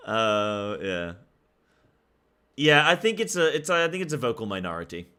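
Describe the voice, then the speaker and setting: Bright-toned casual male streamer. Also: fairly high pitch, big pitch swings, quick pace. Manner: talks in loose run-on thoughts with many fillers. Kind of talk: casual stream chat about a game.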